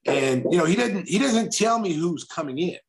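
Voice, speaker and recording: A middle-aged man from Oklahoma telling a long anecdote in a casual interview, acting out the quotes with animated flair. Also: on the high side, moderate pace. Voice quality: animated storyteller who acts out quotes. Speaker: guest, former basketball player.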